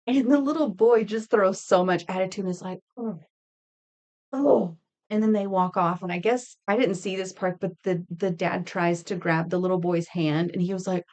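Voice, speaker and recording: A woman's voice: mid-range voice, darkish tone. A woman in her thirties chatting casually with viewers while making earrings on a live stream, telling stories and laughing. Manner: chatty, laughing, reading and answering chat. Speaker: craft streamer.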